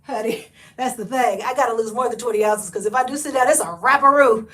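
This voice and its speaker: A fairly high-pitched woman talks fairly quickly while hosting a thrift haul livestream, laughing and chatting folksy with viewers she calls honey and y'all. Out of breath, she keeps stepping away from the camera mic, and the echoey room recording often catches her off-mic from a distance.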